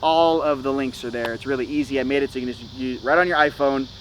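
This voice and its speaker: A man's voice: mid-range voice, quick pace, a little hiss or hum, low-quality recording. A young man hosting a spiritual vlog, talking in a loose, slangy way with many "you know"s and "okay"s. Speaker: spiritual channel host. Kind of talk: casual spiritual vlog talk.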